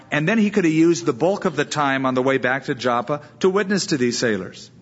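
A man preaching a sermon as a pastor, explaining scripture and acting out quoted voices in lively asides. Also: a little high, fairly quick, hardly any pauses, highs cut off.

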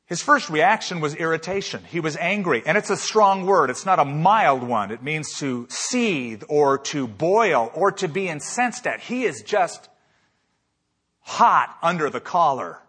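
Husky-voiced man preaching emphatically. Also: fairly high pitch, animated, measured pace, pushed and bright. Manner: emphatic preaching with rhetorical questions. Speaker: pastor. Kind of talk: sermon.

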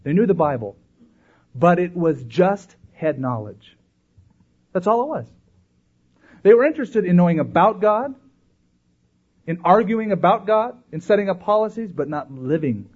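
A male pastor delivers a sermon with a lively, swinging delivery, slipping into little acted voices for the people he quotes. His voice sits a bit high for a man and has a husky edge. The recording sounds dull and lo-fi. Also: normal speed, pauses often. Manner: animated, acts out voices in quotes.

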